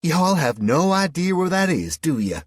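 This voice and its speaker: A sarcastic Southern woman drawls out her pet names and teasing questions, as a man reading the audiobook voices her. The voice sits raised and lively, with a slightly husky grain. The recording is close and dry. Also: a little high, normal speed, no room sound, pitched above the performer's own voice. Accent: American Southern. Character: flirtatious sarcastic West Virginia woman.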